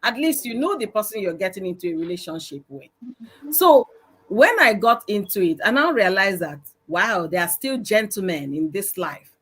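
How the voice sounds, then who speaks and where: A middle-aged woman with a Nigerian accent, telling stories loudly and with emphasis on a live-streamed panel discussion. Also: medium pitch, animated, moderate pace, husky. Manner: loud, emphatic, storytelling. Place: live stream video call.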